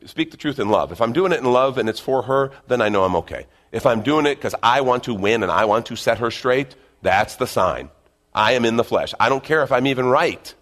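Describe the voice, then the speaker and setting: A middle-aged man preaching a sermon, animated, sometimes dropping to a quiet, intense voice and acting out inner voices. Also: mid-range voice, a little fast. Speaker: pastor.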